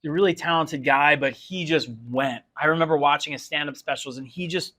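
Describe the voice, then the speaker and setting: Bright-toned chatty male teacher. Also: a little high, brisk. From New Jersey. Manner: jokey, chatty, rambling. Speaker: teacher interviewing a student. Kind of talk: casual chat over wings.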